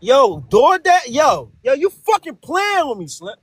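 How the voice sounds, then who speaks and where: A young man trades taunts with friends on a voice chat, his voice high and bouncing all over the place. He sounds brash and cocky and keeps circling back to the same insult. There is a faint hiss behind him. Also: huge pitch swings, normal speed. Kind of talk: trash-talking banter.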